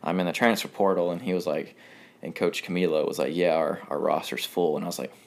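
A man's voice: low voice, fairly even intonation, fast, vocal fry. A man in his twenties from North Carolina, a guest telling his story in casual talk, rambling with fillers and frequent laughs. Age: 20s.

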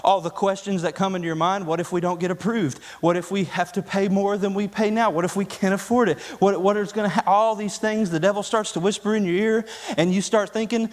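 A man's voice: sits high, brisk, big-room sound. A man preaching a sermon as pastor, folksy and conversational, building to emphatic peaks. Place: church sanctuary.

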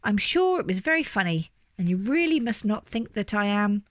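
A woman voicing a gentle, formal male toy bear in a storybook reading. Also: medium pitch, sing-song, moderate pace, dry recording, close to an everyday voice. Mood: polite. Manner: formal, courteous.

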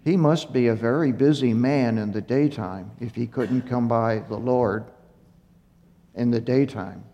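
A man giving a Bible teaching, speaking slowly and haltingly with fillers and self-corrections, a little out of breath. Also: mid-range voice. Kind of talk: unhurried Torah teaching. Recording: muffled recording in a reverberant hall.

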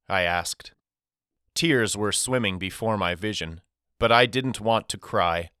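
A man narrating a first-person novel for an audiobook in a measured, expressive storytelling manner. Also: fairly low pitch, smooth, dry recording, studio quality.

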